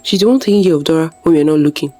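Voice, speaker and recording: A storyteller voicing a panicked young mother who shouts accusations in a raised voice. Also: mid-range voice, racing, faint music behind, natural voice. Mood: furious accusing.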